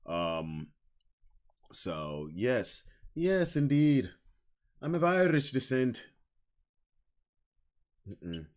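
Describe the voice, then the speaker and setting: A man's voice: medium pitch, sing-song, very slow, long pauses. Young guy on his podcast stream just chatting, real candid and slangy, hammers points by saying them twice. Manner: candid, emphatic, slangy, repeats himself for emphasis. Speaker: podcast host. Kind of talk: casual livestream chat.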